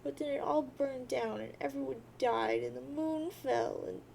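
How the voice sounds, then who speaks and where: Woman reading as a sobbing teen girl, high voice, gravelly, unhurried. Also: darkish tone, a little hiss or hum, rough recording. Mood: mournful. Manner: sobbing, wailing drawn-out boo-hoos. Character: grieving teen girl, weepy and lost.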